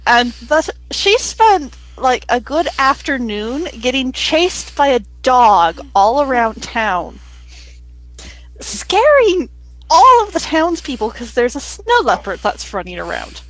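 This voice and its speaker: A young adult woman plays a tabletop game, recounting her character's antics in a chatty, animated way. Her voice sits slightly higher than most. She talks casually, in loose and rambling sentences. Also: takes it slowly, no room sound, poor audio. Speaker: player.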